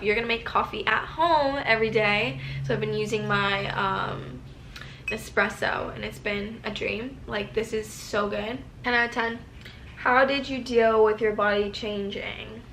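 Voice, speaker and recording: A woman's voice: on the high side, fairly even intonation, unhurried, pushed and bright, slight background noise. A woman in her twenties chatting casually while answering viewer questions in a vlog, peppering her talk with "like" and casual slang. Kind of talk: casual advice Q&A chat.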